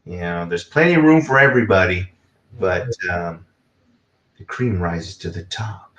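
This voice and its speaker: A man with a fairly low voice chats casually as an interview guest, winding through his thoughts with plenty of fillers. He is heard over a video call from a roomy, echoing space. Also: expressive, normal speed, a bit bright, lo-fi sound. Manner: rambling, with many fillers. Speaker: guest musician.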